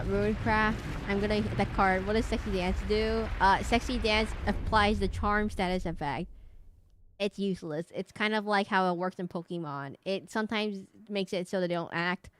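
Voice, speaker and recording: A woman's voice: mid-range voice, fairly even intonation, moderate pace, a bit bright, slight background noise. A young woman streaming a game, chatting casually and thinking aloud in a rambling way. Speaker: VTuber streamer. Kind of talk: casual gaming stream chat.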